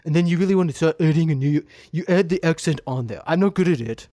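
A man's voice: a little high, fast talker, dark tone, no room sound, studio quality. A man co-hosting a comedy podcast, talking casually and animatedly, explaining things and joking at his own expense. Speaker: podcast co-host.

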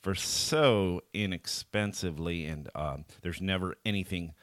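A man hosting a podcast, wrapping up an interview and promoting a workshop program in a relaxed way with many ums and uhs. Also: sits low, measured pace, no echo, clean studio sound. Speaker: podcast host. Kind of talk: host wrap-up and promo.

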